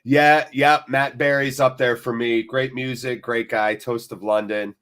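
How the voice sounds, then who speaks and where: Man, live football stream host, casual viewer chat, jokey, swears, reacts to play, middle pitch. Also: steady tone, unhurried, a bit bright, clear, resonant tone. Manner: jokey and off-the-cuff, swears freely; reacts to the match between chat replies.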